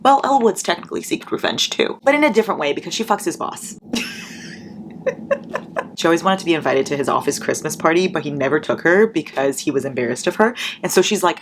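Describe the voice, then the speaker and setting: Give me a chatty young woman gushing about books, slightly low voice, faint background hiss. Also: fast. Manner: chatty, gushing, swears casually. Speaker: book vlogger. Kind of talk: casual chat.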